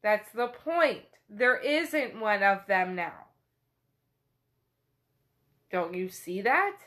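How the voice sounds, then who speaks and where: A woman's voice: mid-range voice, animated, very slow, fairly bright tone. A woman casually retelling a novel chapter, chatty and full of fillers. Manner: chatty paraphrasing with frequent fillers. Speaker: book podcast host.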